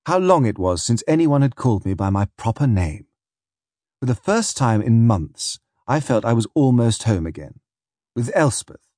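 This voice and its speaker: A man narrating a first-person adventure story in a lively, storytelling manner. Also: mid-range voice, no room sound, studio quality. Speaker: audiobook narrator. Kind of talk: scripted narration.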